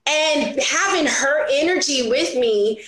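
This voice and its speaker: A woman guest on a business talk show, chatting casually and acting out quotes in an animated way. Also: high-pitched, slow. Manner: animated, acts out her own and others' quotes with laughs. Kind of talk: casual interview chat. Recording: roomy echo.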